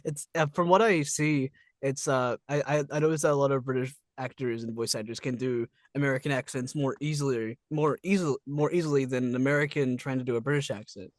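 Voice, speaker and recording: A man hosting a casual interview over a video call, relaxed, laughing often and using many fillers. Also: medium pitch, a little fast, hardly any pauses, no echo, studio quality. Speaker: interview host.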